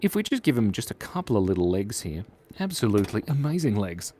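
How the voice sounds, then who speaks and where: A man's voice: medium pitch, big pitch swings, moderate pace, a bit bright, no room sound. A man hosting a casual livestream, chatting with viewers while he draws, joking and rambling with frequent laughs. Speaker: channel host and animator.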